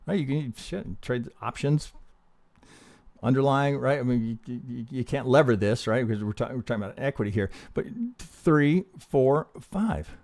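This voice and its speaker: A man's voice: medium pitch, moderate pace, a little mellow. A man teaching trading on a live stream, talking casually and profanely and asking rhetorical questions as he goes over charts. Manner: talks himself through charts with rhetorical questions. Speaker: trading educator.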